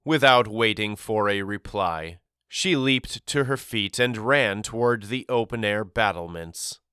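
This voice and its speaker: A man narrating a novel as an audiobook, reading steadily with clear articulation on a close studio microphone. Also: lowish voice, measured pace, bright, forceful tone, dry recording. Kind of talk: scripted storybook narration.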